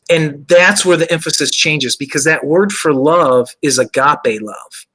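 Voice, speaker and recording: Man, show host, earnest faith discussion, slightly high voice, "you know" fillers. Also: unhurried, pushed and bright, poor audio.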